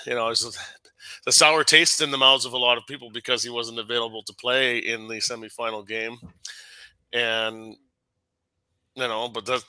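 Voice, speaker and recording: A man who referees hockey, talking casually and haltingly on a podcast, with many restarts. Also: mid-range voice, sharp tone, dry recording, low-quality recording.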